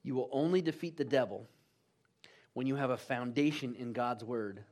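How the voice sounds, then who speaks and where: A man's voice: medium pitch, moderate pace, darkish tone. A man preaching a sermon in a church, emphatic and full of call-and-response urging.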